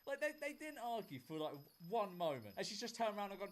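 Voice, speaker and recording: A man's voice: sits high, big pitch swings, fast talker, hardly any pauses, slight background noise. A man chatting casually while reacting to a TV show, laughing often and mocking what he sees. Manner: laughs a lot, swears, mocking commentary.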